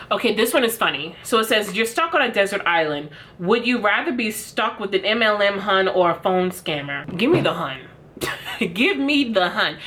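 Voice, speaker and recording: Woman, young adult, vlog host, casual commentary, sassy, frank, bright forceful voice. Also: mid-range voice. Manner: sassy, frank, talks to viewers as "girl". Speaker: commentary vlogger.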